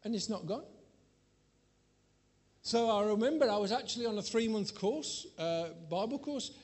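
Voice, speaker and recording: A man preaching to a congregation and telling a candid personal story with self-mocking humor and sudden changes in loudness. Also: high voice, lively intonation, moderate pace, slightly rough. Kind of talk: sermon.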